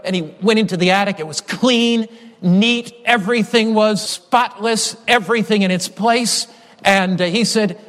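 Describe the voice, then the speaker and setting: A male preacher with a high-pitched voice delivers a sermon in an emphatic, repetitive cadence. His words echo with a long reverb, like a large church sanctuary. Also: moderate pace, a bit bright. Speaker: pastor.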